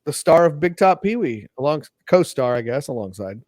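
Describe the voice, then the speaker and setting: A man's voice: fairly high pitch, normal speed, dry recording, studio quality. A man co-hosting a podcast, chatting casually and telling rambling stories with lots of energy. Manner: rambling, animated storyteller, recites old ad jingles. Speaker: podcast co-host. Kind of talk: casual chat.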